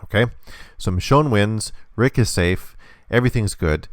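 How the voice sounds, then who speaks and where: A man's voice: fairly low pitch, normal speed, dry recording, studio quality. A man teaching a hands-on lesson, explaining patiently step by step. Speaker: instructor.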